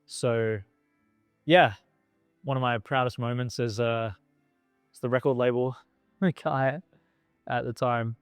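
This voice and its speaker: A man's voice: mid-range voice, slow, pauses often, smooth, faint music behind. A middle-aged man who founded a record label, recounting anecdotes in a documentary interview and acting out the dialogue of the people in them. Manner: animated anecdote-telling, acting out quoted dialogue.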